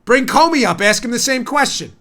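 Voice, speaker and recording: A middle-aged male talk show host with a high, bright, forceful voice. He talks in an animated way, acting out little scenes and dropping quick asides. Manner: animated, acts out mock scenes, rapid asides.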